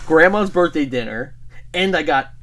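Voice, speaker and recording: Young male co-host, rowdy storyteller with a slightly high voice, acts out every character he quotes. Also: moderate pace. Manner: animated, quotes people, laughs often, swears. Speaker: podcast co-host. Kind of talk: casual storytelling chat.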